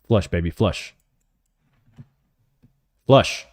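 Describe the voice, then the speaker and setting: A man hosting a live options trading stream, calling his trades as they happen and answering chat questions, often excited. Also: lowish voice, fairly quick, dry recording. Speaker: options trading livestream host.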